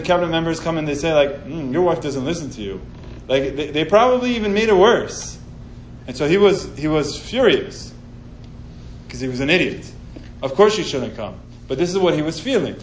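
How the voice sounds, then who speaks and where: Man teaching, high voice, sarcastic storytelling, echoey room, faint hum. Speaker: Torah class teacher. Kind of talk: informal scripture class.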